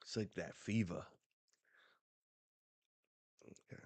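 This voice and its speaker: A low-voiced man reads a comic chapter aloud at a slow, unhurried pace and drops casual, slangy reactions between the lines. The sound is very dry and close to the mic. He hosts a live reaction show. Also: darkish tone, breathy edge, dry recording. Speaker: manga reaction host.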